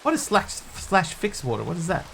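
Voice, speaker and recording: A man streaming a building game, talking through what he does and answering questions from viewers in a relaxed, casual way. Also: sits high, brisk, vocal fry, slight background noise. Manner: thinks aloud while building, answering viewers' chat.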